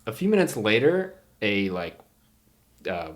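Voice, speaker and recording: Low-voiced man running a tabletop game. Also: very animated. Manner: casual, stumbling, quick to laugh. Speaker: game master.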